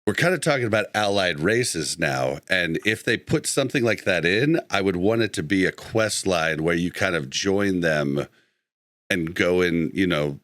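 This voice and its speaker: Low-voiced easygoing man hosting a podcast. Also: a bit bright, no room sound. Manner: easygoing, self-interrupting, easily sidetracked. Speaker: podcast host. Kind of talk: casual chat, reading live chat.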